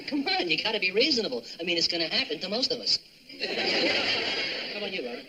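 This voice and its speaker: A goofy deadpan fiancé. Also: male voice, high voice, crowd noise, poor audio. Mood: joking. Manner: deadpan, fast wisecracks. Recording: sitcom with studio audience laughter.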